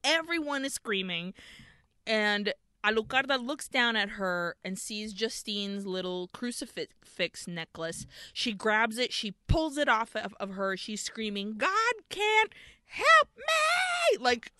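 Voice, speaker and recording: A woman co-hosting a podcast, recapping a horror film in an animated, profane way with lots of laughter. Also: mid-range voice, unhurried, clean tone, no echo. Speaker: podcast co-host. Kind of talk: casual film recap chat.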